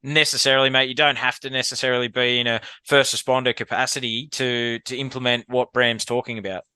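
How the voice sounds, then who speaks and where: A man's voice: medium pitch, little pitch movement, fairly quick, clean tone, dry recording. An Australian man hosting an interview podcast, affirming his guest and saying "mate" often. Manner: warm, affirming, says "mate". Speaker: podcast host.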